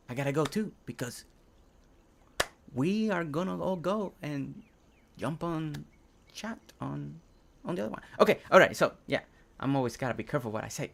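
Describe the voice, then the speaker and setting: A young man who speaks Spanish as his first language chats casually on a game live stream, reading chat aloud and thinking out loud as he builds. His voice sits on the high side and sounds gravelly.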